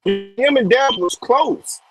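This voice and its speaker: A man's voice: very high-pitched, lively intonation, slow, a bit bright, soft background music, rough recording. A man calling in to a casual boxing chat, speaking emphatically and repeating his points. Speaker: guest on call.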